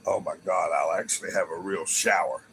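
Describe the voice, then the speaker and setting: A man's voice: sits low, fairly quick, a bit bright, a little hiss or hum, rough recording. A man livestreaming from home, telling a rambling story to viewers and laughing often. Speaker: livestream host.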